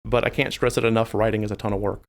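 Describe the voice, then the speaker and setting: A man's voice: fairly low pitch, very fast. Chatty New Orleans man co-hosting a podcast. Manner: animated and chatty, addresses listeners directly. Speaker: podcast co-host. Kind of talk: casual podcast chat.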